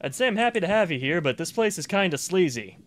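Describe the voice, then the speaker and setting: A man's voice: high voice, big pitch swings, quick pace. A man hosting a let's play, chatting and cracking profane jokes as he plays. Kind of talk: gaming commentary.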